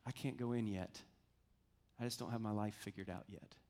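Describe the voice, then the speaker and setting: A man putting on the voice of a weary adult male security guard, speaking low, quiet and resigned. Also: fairly even intonation, normal speed, lightly acted.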